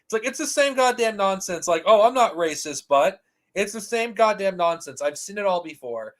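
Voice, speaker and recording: A man's voice: high voice, animated, moderate pace. A man hosting a commentary channel, delivering a heated, profane rant with frequent restarts and repeated rhetorical questions. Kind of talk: ranting commentary.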